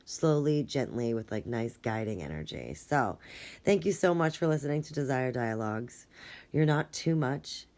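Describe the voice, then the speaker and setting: A woman's voice: very deep voice, expressive, moderate pace, darkish tone. A woman hosting a relationship advice podcast, talking casually and chattily, often checking in with "right?" and laughing easily. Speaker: sex coach and podcast host.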